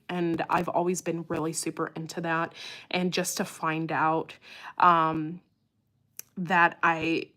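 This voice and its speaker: Low-voiced woman rambling on a livestream. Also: a bit bright. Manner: rambling, enthusiastic, repeats words. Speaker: farm channel host. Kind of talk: casual livestream chat.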